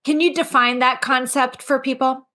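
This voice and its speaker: Woman, fairly high voice, podcast host and coach, steady and emphatic. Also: normal speed, a little hiss or hum. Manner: steady, emphatic, explaining in lists. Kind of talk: casual conversation.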